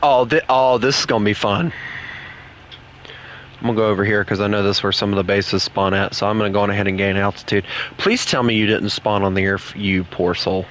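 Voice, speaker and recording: With slight background noise, a gaming streamer talks fairly quickly in a fairly low, fairly bright voice with fairly even intonation. Playing an online game at home with friends, he rambles and jokes casually with his teammates.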